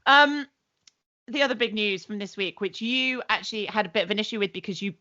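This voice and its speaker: A woman's voice: mid-range voice, fast talker, sharp tone, no echo. Woman, casual co-host chat, blunt, sweary, muffled lo-fi recording. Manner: blunt and sweary, recaps with quoted asides. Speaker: podcast co-host.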